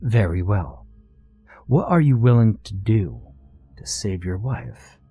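A man plays a courtly, pompous servant of a dark king in a scary storybook reading, every word measured and formal. The voice is low and mellow, close and dry. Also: sing-song, slightly rough, no room sound, faint music behind, exaggerated voice. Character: smooth, formal male servant of a sinister king.

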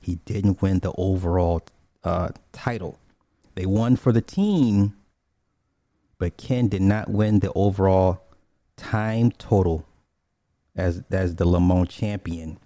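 A man giving a rambling, profane, casual commentary, slipping into quick voices when he quotes people. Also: deep voice, mellow, no room sound. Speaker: commentator on online streamers.

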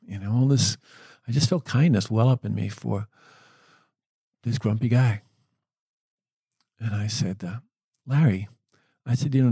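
A man who works with the dying, telling a story in a gentle, earnest way. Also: medium pitch, gravelly, breathy edge, no room sound. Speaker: end-of-life caregiver. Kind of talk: reflective storytelling.

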